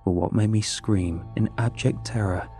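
A man reading a horror story aloud in a measured, scripted narration. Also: on the low side, warm tone. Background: faint music.

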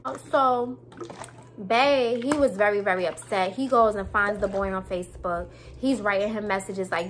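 A woman's voice: mid-range voice, moderate pace, a bit bright, a little hiss or hum. A woman telling a storytime vlog in a casual, emphatic way, with speech and some preachy repetition. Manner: emphatic, preachy, repeats herself.

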